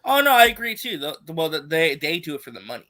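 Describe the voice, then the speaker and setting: A man's voice: a little high, very animated, fast, pushed and bright. A man hosting a casual online live show, blunt and profane, often repeating himself. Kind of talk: casual chat.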